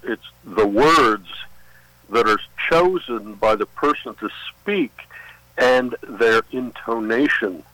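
A man calling in to a radio show, speaking in a measured, opinionated way. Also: medium pitch, bright, forceful tone, no echo, poor audio. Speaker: caller. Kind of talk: call-in radio chat.

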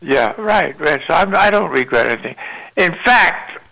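A man's voice: on the high side, lively intonation, normal speed, gravelly, bright, forceful tone, rough recording. A man in his nineties chatting and telling jokes on the radio, rambling and talkative. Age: 90s. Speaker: regular radio guest. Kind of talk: casual radio chat, joke-telling.

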